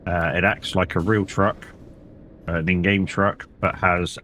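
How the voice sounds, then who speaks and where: Deep-voiced tired male streamer. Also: flat delivery, measured pace, pushed and bright, a little hiss or hum. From England. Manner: chatty, rambling, swears casually. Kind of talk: casual live-stream chat while playing.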